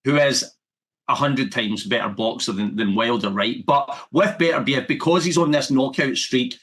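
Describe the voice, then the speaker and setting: A man at a middling pitch gives measured analysis as a boxing pundit. He talks through his points in a steady way. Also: slightly rough. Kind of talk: boxing commentary.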